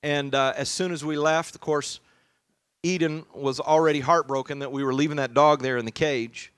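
A male pastor preaching a sermon in an easygoing, story-driven style, full of "uh"s and restarts. His voice sits a little high. The sound is dry and close, with no room echo. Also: fairly even intonation, moderate pace, a bit bright, clear, resonant tone. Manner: conversational storytelling with many fillers.

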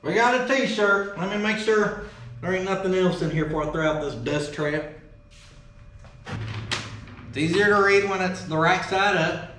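A man hosting a casual vlog, folksy and excitable, swearing casually as he opens fan mail in his workshop. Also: high-pitched, moderate pace, long pauses, a little hiss or hum. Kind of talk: casual chat. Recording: roomy echo.

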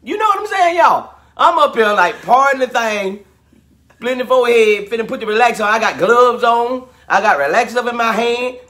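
Man, bright voice, joking, casual co-host banter. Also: very high-pitched, moderate pace. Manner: animated, joking, Southern US vernacular. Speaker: co-host, husband.

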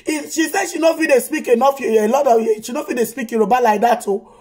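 A woman with a Nigerian Pidgin accent gives casual commentary on her own vlog. Her voice is high, and she talks in an exclamatory way, rounding off her lines with emphatic tags. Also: fairly quick, a little mellow. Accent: Nigerian Pidgin English. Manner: exclamatory, ends phrases with "o". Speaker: vlog host reacting to news.

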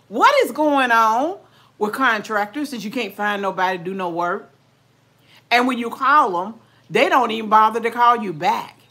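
A woman's voice: fairly high pitch, expressive, normal speed, sharp tone. An older woman, chatting casually with viewers while eating, folksy and talkative. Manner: folksy, chatty, talks with mouth full. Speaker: vlogger.

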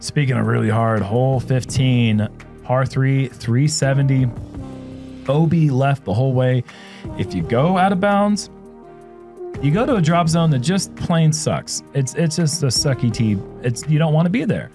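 A man doing casual sports commentary, easygoing and quick to laugh as he banters with his co-host. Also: medium pitch, over music. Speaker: disc golf commentator.

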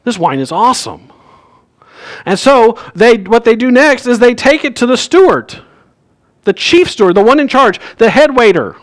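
A male pastor with a very high, animated voice delivers a sermon at a moderate pace in a church sanctuary. His storytelling is casual and conversational, and he performs the quoted lines of each character.

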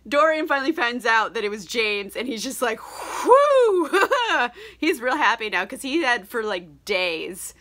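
A tipsy woman recapping a novel in loose, chatty talk, full of laughs, curses and filler words. Her voice is bright and sharp and sits fairly high. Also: expressive, normal speed. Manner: chatty, laughing, lots of swearing and "like". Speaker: book reviewer. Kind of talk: casual book recap.

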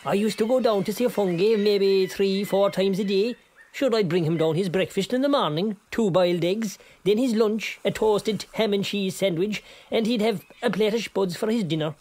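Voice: medium pitch, moderate pace, darkish tone, natural voice. Someone doing a boastful fisherman. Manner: rambling yarn-spinning, bursts into song. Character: boastful Kerry fisherman, tall-tale teller.

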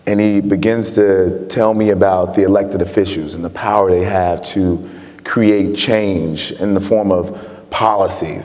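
A man's voice: sits low, a little mellow. A man from Chicago telling his story earnestly as a guest author in an onstage interview. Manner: earnest storytelling, laughs often. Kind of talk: onstage interview before an audience. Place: lecture hall with an audience. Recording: long reverb of a hall.

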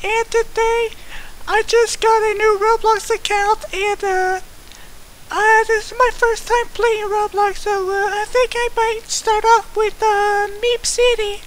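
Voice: very high voice, flat delivery, slow, slight background noise, poor audio. A performer voicing an eleven-year-old boy playing a game for the first time, rambling with many uhs and easily shocked, in a staged gameplay commentary skit.

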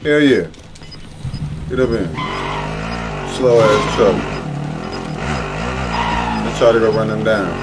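A man chatting casually while playing a video game, excitable and ranting in slangy, profane complaints. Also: fairly low pitch, slow, vocal fry, pauses often. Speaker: gamer. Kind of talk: casual gameplay chat. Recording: noisy game and vehicle sounds behind.

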